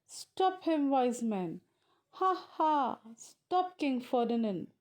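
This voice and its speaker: A woman's voice: sits high, sing-song, slow, a little mellow, heavily acted. A woman reading as a laughing, apologetic king. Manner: read aloud with laughing syllables.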